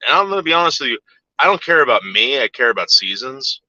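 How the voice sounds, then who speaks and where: Bright-voiced man telling a rambling story. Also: medium pitch, big pitch swings, quick pace, no echo, dull audio. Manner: profane, rambling, repeats words when telling a story. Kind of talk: casual storytelling chat.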